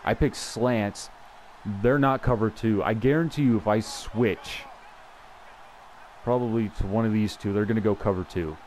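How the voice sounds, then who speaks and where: A man's voice: fairly low pitch, normal speed, darkish tone, slight background noise. A young man giving casual, chatty commentary over his own football video game, thinking aloud and poking fun at his own play. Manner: chatty, self-deprecating, thinks aloud with restarts. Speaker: gameplay commentator. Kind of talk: casual live gameplay commentary.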